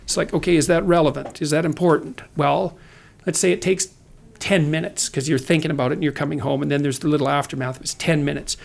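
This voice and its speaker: A man's voice: a little high, steady tone, fast talker, creaky. A man speaking as a podcast guest, earnest and lecturing, with sardonic asides. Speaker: guest author. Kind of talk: conversational podcast talk.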